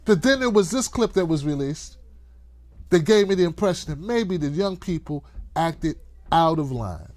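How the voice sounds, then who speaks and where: A man's voice: on the high side, expressive, moderate pace, darkish tone, dry recording. A man hosting a political commentary show, talking in an emphatic, sarcastic monologue.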